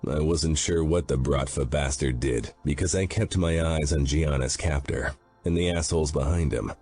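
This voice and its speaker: A man's voice: rumbling low, moderate pace, darkish tone, husky, soft background music. A man narrating a first-person audiobook in a grim, intense manner.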